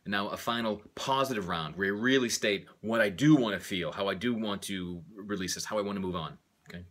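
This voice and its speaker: A man's voice: lowish voice, brisk, fairly bright tone. A man teaching a tapping technique, talking through each point and speaking the affirmations aloud as he taps. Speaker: tapping instructor. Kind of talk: guided tapping demonstration.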